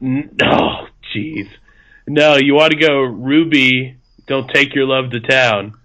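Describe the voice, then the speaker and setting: A man with a bright, clear voice at a middle pitch, co-hosting a casual podcast. He tosses in dry, wry jokes and keeps his replies short and quick. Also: poor audio. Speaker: podcast co-host. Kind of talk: casual chat.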